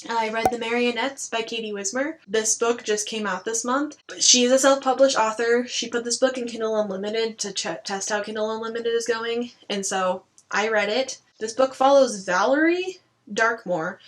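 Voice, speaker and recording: A woman's voice: on the high side, normal speed, poor audio. A woman chatting casually through a book review, blunt and chatty, swearing now and then and saying "like" a lot.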